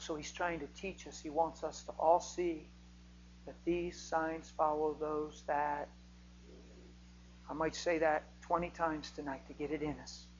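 A man preaching a sermon, telling a healing story and rising to near-shouting when he gets excited. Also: on the high side, lo-fi sound, slight background noise.

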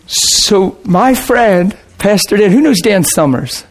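A pastor preaches to his congregation in a chatty, rambling storytelling way. His voice is slightly higher than most men's, and it swings from quiet low asides to excited, raised bursts. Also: takes it slowly. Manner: casual, rambling, with restarts and laughter. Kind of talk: sermon storytelling.

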